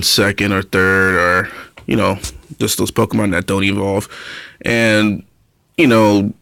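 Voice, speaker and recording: A man's voice: fairly low pitch, a bit bright, dry recording. A man chatting casually and enthusiastically in a vlog about his game, with frequent fillers. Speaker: Pokemon Go YouTuber.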